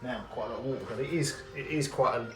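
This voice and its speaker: A man's voice: mid-range voice, quick pace, roomy sound. A man chatting casually and wryly while working at a jeweller's bench, hosting a live stream. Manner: chatty, rambling, wry. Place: jewellery workshop.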